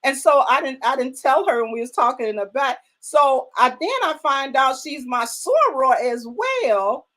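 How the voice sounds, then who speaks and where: A woman's voice: high voice, lively intonation, moderate pace, few pauses, fairly bright tone. Effusive older woman hosting a live show. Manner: effusive, repeats words, greets viewers by name. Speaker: talk show host. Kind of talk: casual live-stream chat.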